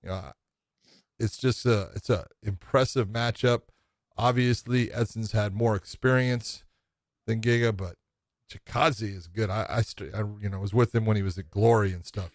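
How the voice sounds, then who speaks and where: A man's voice: on the low side, fairly even intonation, moderate pace, dry recording. Man, middle-aged, podcast co-host, eager and chatty, repeats himself, dry close sound. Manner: enthusiastic, repeats phrases, swears casually. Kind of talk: casual MMA podcast chat.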